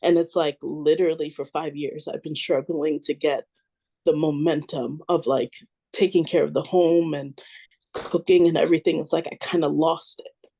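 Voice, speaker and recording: A woman's voice: low voice, steady tone, normal speed, dark tone, breathy edge. A woman in a study group telling a painful personal story, reflective and full of "like" fillers. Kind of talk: emotional personal sharing.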